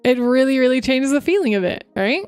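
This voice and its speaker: Chatty streamer woman, fairly high voice. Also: animated, a little fast, darkish tone, no echo, faint music behind. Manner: chatty, upbeat, talks to chat. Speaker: VTuber streamer. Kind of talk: casual livestream voice acting tips. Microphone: streaming microphone.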